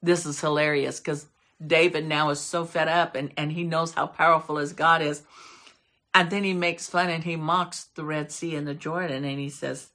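A woman preaching in a church with fervent conviction. Her voice is bright and pointed, and she reads scripture aloud with swelling emphasis. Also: lowish voice, measured pace, creaky. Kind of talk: sermon.

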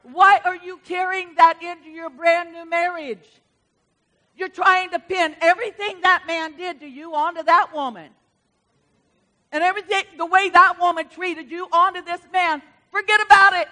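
A woman preaching a sermon with animated, emphatic storytelling. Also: extremely high pitch, normal speed.

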